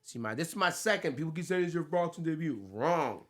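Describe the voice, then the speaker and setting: A man's voice: a little high, animated, a little fast. A man from the United States, a fighter co-hosting a podcast, chatting casually with loose, laughing, swearing banter.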